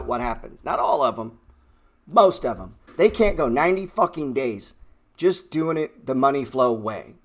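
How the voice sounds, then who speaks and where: A man's voice: a little high, a bit bright. A man hosting a trading livestream, ranting bluntly and swearing heatedly from his computer. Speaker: trading show host.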